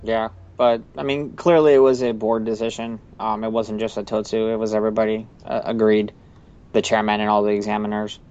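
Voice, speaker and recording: A man's voice: on the low side, little pitch movement, brisk, a little mellow, clear, resonant tone, lo-fi sound. A young man hosting a podcast, recapping an anime episode in a loose, rambling way with casual swearing. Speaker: podcast host.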